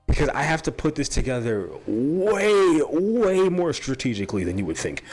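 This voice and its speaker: A man hosting his own show, rambling while high, repeating and tripping over his words and swearing often. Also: very animated, normal speed, a little mellow, husky, faint music behind. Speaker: podcast host. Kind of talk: rambling stoned brainstorm.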